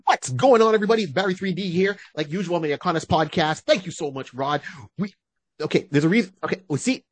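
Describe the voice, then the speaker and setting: A man co-hosting a casual podcast, energetic and quick with shout-outs, his voice going hoarse. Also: a little high, dry recording. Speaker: podcast co-host, stand-up comedian.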